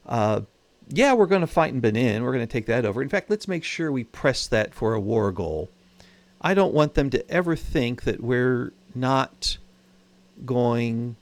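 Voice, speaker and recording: A man's voice: medium pitch, dry recording. A man hosting his own channel, giving casual, wry commentary while he plays a strategy game and thinks aloud about his moves. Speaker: gaming channel host.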